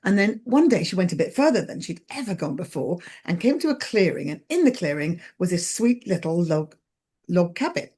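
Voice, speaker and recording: A woman from England, telling a story with brisk, wry narration. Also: fairly low pitch, big pitch swings, mellow, husky. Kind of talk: oral storytelling performance.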